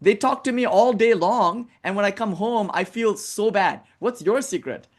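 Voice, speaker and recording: A man's voice: high voice, normal speed, pitched above the performer's own voice, lightly acted. A man voicing a frazzled, exhausted young male psychiatrist who pleads in exasperation. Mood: exasperated.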